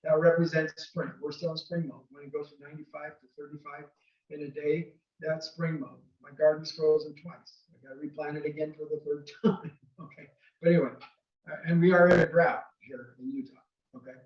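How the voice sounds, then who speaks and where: A man's voice: on the high side, level tone, a little fast, reverberant, far from the mic, lo-fi sound. A man giving earnest, casual marriage advice from home, often checking in with "okay?". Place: home room near a window.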